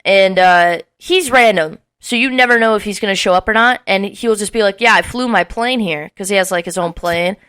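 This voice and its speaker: A young woman with a bright, clear voice tells a rowdy story in casual podcast chat. She swears freely and acts out what people said with lively bursts. Her pitch sits in a middle range for a woman. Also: brisk, few pauses. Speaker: podcast co-host.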